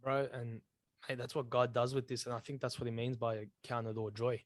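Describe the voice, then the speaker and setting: A man's voice: medium pitch, flat delivery, brisk, no room sound. A man co-hosting a casual faith chat, telling personal stories in an earnest way with lots of slang. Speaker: podcast co-host.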